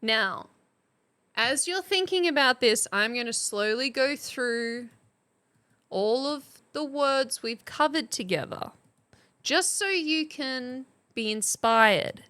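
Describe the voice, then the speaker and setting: A young woman runs a playful mock class on a live stream, chatting casually, laughing a lot, and exclaiming excitedly. Her voice is high-pitched, slow, and smooth.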